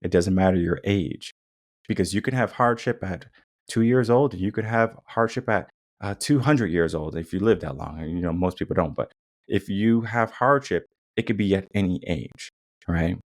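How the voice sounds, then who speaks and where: A man's voice: deep voice, moderate pace. A young adult man hosting a podcast, talking in an emphatic, repetitive way and acting out quotes in changing tones. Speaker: podcast host. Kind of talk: casual monologue.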